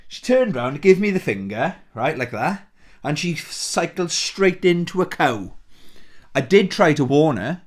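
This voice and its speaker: A man's voice: fairly high pitch, animated, measured pace. A man chatting casually to camera from home about games he picked up, rambling and joking at his own expense. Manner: rambling, jokey, self-mocking. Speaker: game-collecting vlogger.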